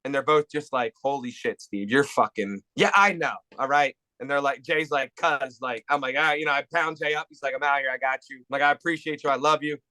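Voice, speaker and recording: Loud cursing guy telling a wild story, kinda high voice, dry mic. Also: quick pace, few pauses, dry recording. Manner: profane, animated storytelling. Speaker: podcast co-host. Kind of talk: casual chat.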